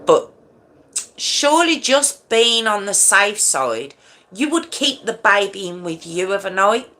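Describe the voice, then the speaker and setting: A woman's voice: medium pitch, big pitch swings, measured pace, sharp tone. A middle-aged woman hosting a true crime channel, recounting a case conversationally, often checking in with "okay?" and reacting with shock. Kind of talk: true crime commentary monologue.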